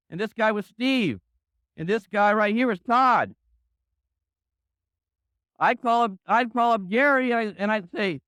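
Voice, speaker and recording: High-voiced man giving a motivational talk. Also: clear, resonant tone, dry recording. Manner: animated storytelling, acts out phone calls. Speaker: motivational speaker.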